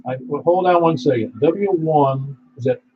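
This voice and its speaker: A fairly high-pitched, slightly rough male voice at normal speed belongs to a net control operator from Niagara Falls, New York. He keeps his amateur radio net chatty, telling stories and laughing easily, all through muffled, lo-fi radio sound.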